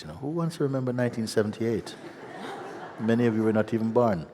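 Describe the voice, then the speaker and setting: A man giving a satsang teaching as a spiritual teacher, gentle and unhurried, often breaking into laughter. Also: fairly low pitch, slight background noise. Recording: long hall reverb with faint ambience.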